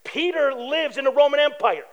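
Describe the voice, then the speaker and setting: Animated high-voiced man preaching. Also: normal speed, highs cut off. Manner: animated, storytelling with acted quotes. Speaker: pastor. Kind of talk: sermon.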